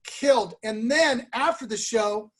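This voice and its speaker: A man, a comedian, recounting a road story in casual podcast chat with quick, halting phrasing. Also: extremely high pitch, fairly bright tone.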